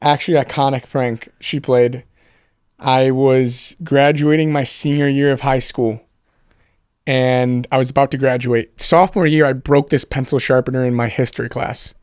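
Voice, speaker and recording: A young man spins a story for a podcast host, looping through fillers and cussing as he goes. His voice sits at an ordinary pitch and is recorded close and dry, with no room around it. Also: fairly even intonation, moderate pace, darkish tone, smooth, no echo. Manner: rambling storyteller, swears freely, many fillers. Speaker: podcast guest. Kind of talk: casual podcast chat.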